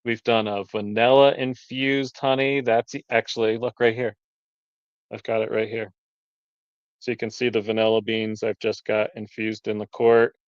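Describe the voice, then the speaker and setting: A beekeeper who sells honey chats casually on a live stream over a video call, explaining his products in detail. His voice is lowish and level at a normal speed with a clean tone and no echo, though the stream audio is dull and lo-fi.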